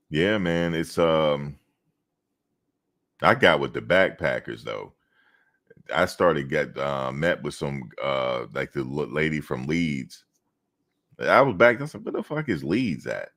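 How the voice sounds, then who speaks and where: His voice is very deep yet fairly bright in tone. This reaction streamer talks casually on a livestream, rambling through stories and speaking directly to chat.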